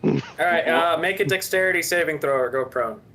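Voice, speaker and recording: Male DM, bright tone, narrates and rules calmly. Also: fairly high pitch, a little fast, slight background noise. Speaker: dungeon master. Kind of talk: narrating a tabletop game.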